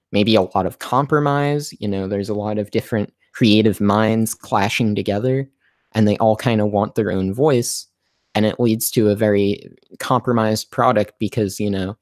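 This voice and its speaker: Male livestream host, low-pitched and hoarse, halting delivery, dry close recording. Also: a little mellow, no echo. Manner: halting, many fillers and restarts. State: losing his voice. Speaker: livestream host answering viewer questions. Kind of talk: casual livestream chat.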